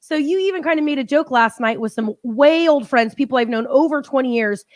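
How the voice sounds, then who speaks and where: Woman co-host, high and playful, close dry mic. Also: brisk, no room sound. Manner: teasing, laughs often. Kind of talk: casual live-stream chat.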